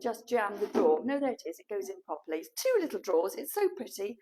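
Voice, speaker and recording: A woman's voice: mid-range voice, big pitch swings, quick pace, mellow, slight background noise, poor audio. A woman running a shop, chatting and rambling on a live stream as she walks through her shop. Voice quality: chatty, rambling, self-deprecating. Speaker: shop owner. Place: furniture shop, indoors.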